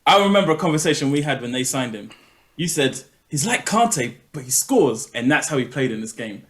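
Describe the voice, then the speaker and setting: A man's voice: medium pitch, very animated, brisk. A young man chatting casually as a podcast co-host, emphatic and repeating his points. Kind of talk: casual chat.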